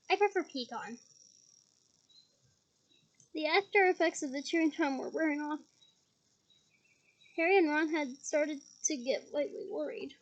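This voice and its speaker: A woman's voice: high voice, lo-fi sound. A woman reading a novel aloud, breaking off now and then with chatty asides. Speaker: audiobook reader.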